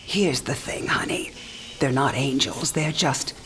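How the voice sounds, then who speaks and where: A woman's voice: extremely low pitch, unhurried, a bit bright, whispered. An actress playing a dying old woman who talks frankly, teasing and tender by turns. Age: older. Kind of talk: game cinematic voice acting.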